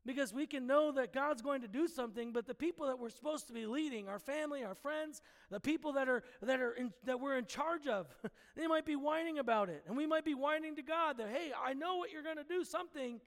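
Very high-voiced man preaching in a hall. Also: fairly quick. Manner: earnest teaching with playful, laughing asides. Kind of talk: sermon.

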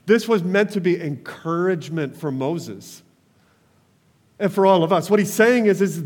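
A man's voice: sits high, animated, moderate pace, darkish tone, long reverb tail. A man preaching a sermon as pastor, passionate, calling on the congregation to respond.

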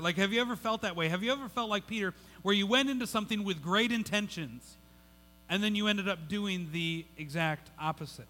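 A man's voice: sits high, a little fast, bright, forceful tone. A male pastor preaching a sermon in a conversational way, often repeating words and restarting his sentences. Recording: long hall reverb.

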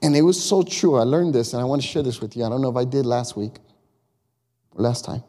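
Talking fast in a medium-pitched, dark voice, a man preaches to his congregation in the sanctuary, conversational and emphatic, posing questions to them as the long church-hall reverb rings out.

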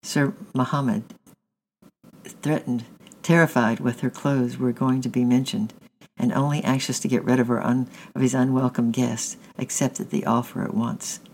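A man reading a storybook chapter aloud in a steady narration, often correcting himself mid-phrase. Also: mid-range voice, normal speed, slight background noise, low-quality recording. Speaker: audiobook reader.

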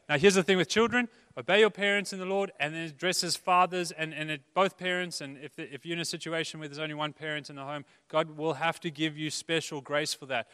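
A man preaching a sermon with a bright, crisp, resonant voice. He talks earnestly and conversationally and slips in playful asides. The sound carries a long reverb from a large church hall. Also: fairly high pitch, clean studio sound. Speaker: pastor.

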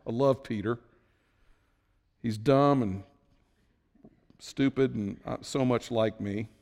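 Animated preacher in a reverberant hall. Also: male voice, slow pace, gravelly. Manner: storytelling, swings from low and quiet to high and excited. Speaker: pastor. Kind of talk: sermon.

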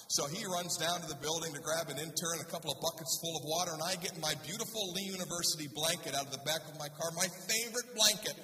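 Animated pastor in an echoey hall. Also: male voice, on the high side, quick pace, few pauses, a little hiss or hum. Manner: humorous, animated storytelling with laughs. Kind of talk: storytelling sermon. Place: church sanctuary. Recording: roomy church hall, voice from a distance.

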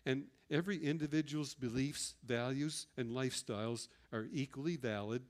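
Middle-aged guy giving a sermon, earnest, tells stories from his life, average pitch. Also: moderate pace. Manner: earnest storytelling with personal anecdotes. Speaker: pastor.

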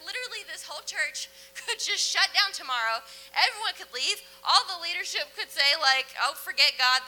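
Woman preacher, high and very bright voice, chatty sermon delivery with frequent laughs, church setting. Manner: conversational, laughs often between phrases.

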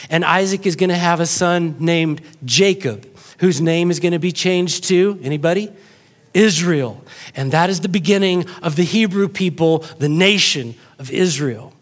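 A man from the North Texas Panhandle, preaching a sermon in a jokey, conversational way. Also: fairly high pitch. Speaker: pastor.

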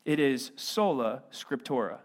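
A man pastor preaching a sermon with a Midwestern American accent, swinging from quiet stretches to loud emphatic lines. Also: medium pitch, expressive, a little slow.

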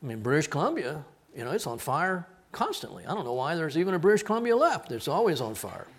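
Animated, folksy middle-aged preacher man. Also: fairly high pitch, fast talker, breathy edge. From Texas. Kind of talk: sermon.

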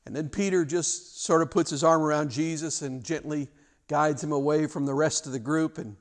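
A man preaching a sermon as pastor, retelling a passage in an emphatic, animated way with frequent restarts. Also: fairly high pitch, moderate pace.

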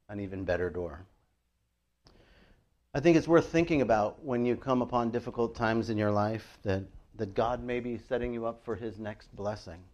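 A middle-aged man preaching a sermon in a loose, conversational way, retelling scripture with lively storytelling. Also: medium pitch. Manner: conversational, animated storytelling with frequent "I mean" and "like". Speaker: pastor.

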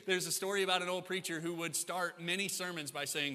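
A man's voice: high-pitched, normal speed, pushed and bright, long reverb tail. A man preaching a sermon as pastor, emphatic and repeating key lines for stress.

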